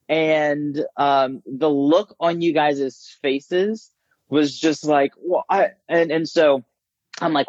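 A man who works as a business coach, talking casually and telling stories with lively impressions of others. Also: on the high side, measured pace, dry recording, highs cut off. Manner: animated storyteller, mimics voices. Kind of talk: casual conversation.

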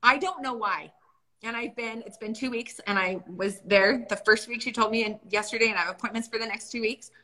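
A woman's voice: fairly high pitch, a little fast, bright, forceful tone. A young adult woman co-hosting a casual faith discussion, earnest and storytelling. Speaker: podcast co-host.

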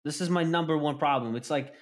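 A man chatting casually on a podcast, animated and swearing constantly as he acts out scenes. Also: a little high, fast talker. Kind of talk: casual profane chat.

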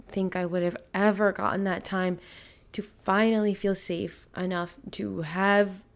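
A young woman hosting a podcast, talking candidly and emotionally in a rambling, filler-heavy way. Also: medium pitch. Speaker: podcast host. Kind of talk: casual confessional monologue.

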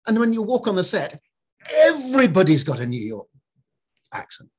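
Middle-aged scottish guy, light accent, husky voice, rambly chat w lots of laughs. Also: high-pitched, huge pitch swings, normal speed. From Scotland. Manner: rambling, self-interrupting, laughs often. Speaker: actor guest. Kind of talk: casual interview chat.

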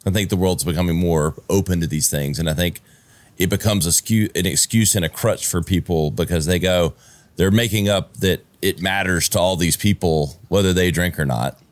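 Male podcast host, very deep voice, reflective, casual, dry close recording. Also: normal speed, no echo. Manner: reflective, sums up the guest's points. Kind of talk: casual interview talk.

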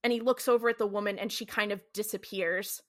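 A woman's voice: medium pitch, fairly even intonation, quick pace. A woman co-hosting a podcast, casually recapping a TV episode in a chatty way, full of "like" and some swearing. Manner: chatty, peppered with "like", swears freely. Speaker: podcast co-host.

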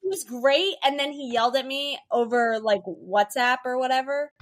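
A young woman co-hosting a podcast, telling candid stories in casual chat and acting out the people she quotes. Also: high voice. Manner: candid, rapid storytelling with quoted voices. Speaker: podcast co-host.

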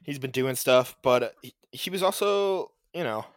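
A man's voice: mid-range voice, lively intonation, normal speed, no room sound, clean studio sound. A man co-hosting a podcast, chatting casually about new music, rambling with fillers and laughing as he goes. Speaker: podcast co-host. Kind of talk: casual music review chat.

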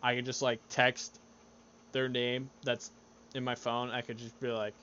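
A man's voice: mid-range voice, level tone, measured pace, fairly bright tone, highs cut off, slight background noise. A young man co-hosting a casual podcast, rambling through ideas with frequent laughter and swearing. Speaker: podcast co-host.

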